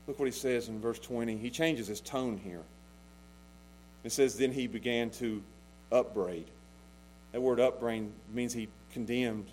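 A man preaching a sermon as pastor, passionate, swinging between loud pleading and hushed intensity. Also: mid-range voice, a little hiss or hum, rough recording.

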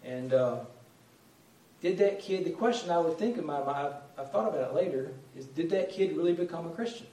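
Earnest preacher in an echoey room. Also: male voice, on the high side, expressive, fairly quick, dark tone, far from the mic. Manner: earnest, conversational preaching with repeated phrases. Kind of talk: sermon.

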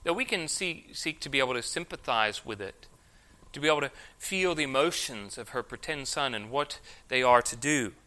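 A man's voice: medium pitch, expressive, normal speed, sharp tone. A man preaching an expository sermon, reading scripture aloud with emphasis and then explaining it. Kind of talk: sermon, expository Bible teaching.

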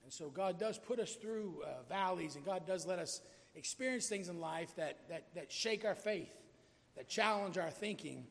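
High gravelly guy preaching, chatty then builds up loud, long church reverb. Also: animated, normal speed. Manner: conversational, rising to emphatic peaks. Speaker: pastor. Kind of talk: sermon.

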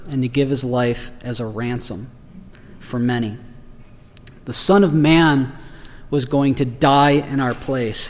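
Earnest preacher in a reverberant hall. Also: male voice, a little high. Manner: earnest, building emphasis on key phrases, self-deprecating asides. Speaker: pastor. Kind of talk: sermon.

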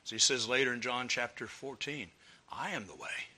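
A man preaching an expository sermon as a pastor, measured and emphatic, with pauses and occasional restarts. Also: medium pitch, pushed and bright.

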